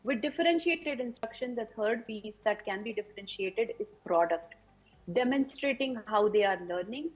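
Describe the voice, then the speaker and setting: A woman's voice: a little high, lively intonation, normal speed, faint music behind, poor audio. A woman presenting at a conference, explaining her teaching strategies step by step to other teachers.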